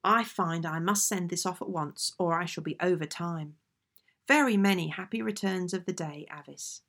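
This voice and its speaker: A woman with a lowish voice reads from old family letters, keeping a measured, genteel pace throughout. Her tone carries a steady gravelly fry at the ends of phrases. The reading sounds like a careful, scripted narration. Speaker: audiobook reader.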